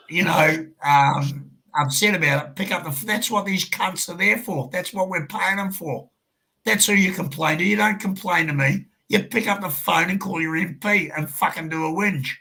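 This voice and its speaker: An Australian man talking in blunt, sweary rants during casual chat. His voice is husky and bright, a little higher than most men's. He hammers his points home with heavy cursing. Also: low-quality recording.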